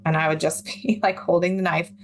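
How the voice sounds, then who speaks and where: A woman's voice: fairly low pitch, level tone, brisk, soft background music. Woman candidly retelling a survival story. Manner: candid, vivid retelling with nervous laughs. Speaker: guest telling her survival story. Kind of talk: personal story in an interview.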